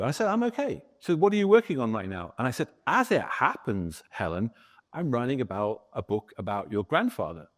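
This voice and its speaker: A man lecturing on history to a live audience, his pitch rising and falling with animation as he tells the story. He speaks at a middling pitch and turns now and then to chat with people in the room. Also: darkish tone. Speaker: guest speaker, author.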